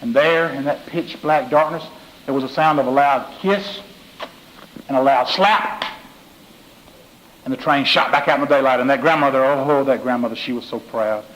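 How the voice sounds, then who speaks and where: A man's voice: mid-range voice, moderate pace, a bit bright, slight background noise, rough recording. A man giving a motivational speech, telling folksy stories and repeating his key phrases. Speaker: motivational speaker.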